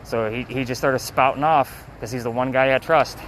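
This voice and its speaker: A man's voice: medium pitch, fairly even intonation, fairly bright tone, slight background noise, poor audio. A man guiding a ghost tour, telling stories in a loose, casual way with lots of fillers. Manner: fast, loose talker with swearing and fillers. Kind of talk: casual storytelling on a walking tour. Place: outdoors on a city street.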